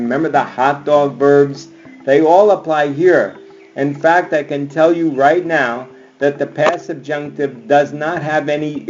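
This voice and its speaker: A man's voice: medium pitch, highs cut off. A male Spanish teacher giving a screen-recorded grammar lesson, upbeat and chanting verb endings like a cheer. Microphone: computer mic on screencast.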